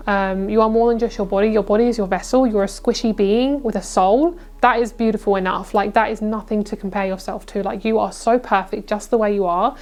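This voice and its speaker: A woman's voice: mid-range voice, darkish tone. A young woman giving a casual, reassuring tarot reading, chatty and full of fillers. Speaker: tarot reader.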